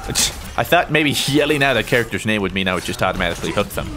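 A young man giving playful, jokey commentary over his own gameplay, swinging between excited yelps and mock-serious asides. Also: lowish voice, very fast, background noise. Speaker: gaming YouTuber.

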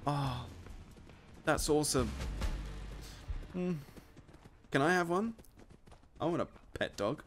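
A man with a British accent giving excitable, laughing commentary while playing a video game. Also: on the high side, takes it slowly, long pauses, faint music behind. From United Kingdom. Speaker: gamer, channel host. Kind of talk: casual let's-play commentary.

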